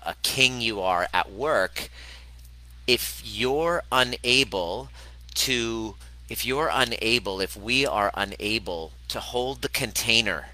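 A man's voice: lowish voice, bright, forceful tone, rough recording. A man hosting a casual spoken monologue as a relationship coach, candid and a little profane, with frequent restarts. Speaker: podcast host, relationship coach.

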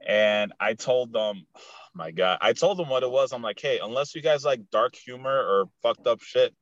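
A man's voice: mid-range voice, lively intonation, moderate pace, no echo, highs cut off. A man co-hosting a podcast, telling rambling, profane stories with lots of filler words in a casual chat. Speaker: podcast co-host and youth coach.

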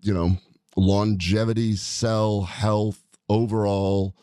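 A man's voice: on the low side, level tone, takes it slowly, warm tone, no echo. A man hosting a podcast, talking in an enthusiastic, rambling way with frequent restarts, in a studio. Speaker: podcast host, doctor. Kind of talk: casual podcast chat.

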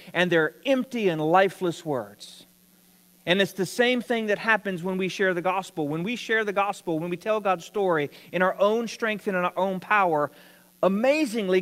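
A man's voice: high voice, long reverb tail. A man preaching a sermon, telling a story with rising emphasis.

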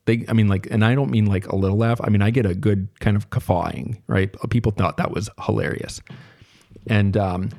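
A man's voice: on the low side, steady tone, fairly quick, vocal fry, warm tone. A man hosting a podcast, telling a story in a casual, rambling way with many fillers and restarts. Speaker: podcast host; teacher or tutor.

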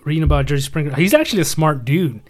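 Chatty higher-voiced man. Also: expressive, very fast. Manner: rambling, self-interrupting. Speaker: podcast co-host. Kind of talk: casual chat.

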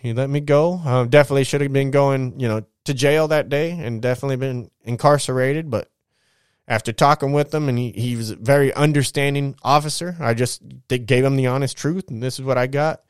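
A man's voice: mid-range voice, steady tone, brisk, clear, resonant tone, dry recording, studio quality. A young man bluntly telling his life story in casual, profane talk, full of restarts.

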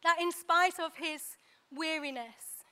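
A woman preaching a sermon, pausing for effect and acting out the lines she quotes. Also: extremely high pitch, bright, forceful tone. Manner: dramatic pauses, acts out quoted dialogue.

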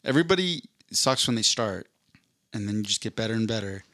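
A man's voice: lowish voice, animated, brisk, a bit bright, no echo, clean studio sound. A man co-hosting a podcast, telling a long casual story with lots of restarts and self-corrections. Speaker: podcast co-host. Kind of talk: casual chat.

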